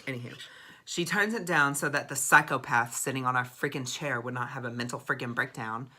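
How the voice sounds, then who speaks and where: A young man telling a dramatic storytime vlog, expressive and swearing freely. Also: medium pitch, a little fast. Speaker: vlogger.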